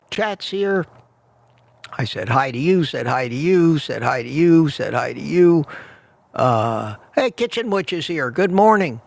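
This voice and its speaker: Gravelly-voiced man hosting a casual livestream. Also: a little high. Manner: greets viewers by name, repeats phrases. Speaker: livestream host. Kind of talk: casual morning livestream chat. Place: outdoors in cold weather.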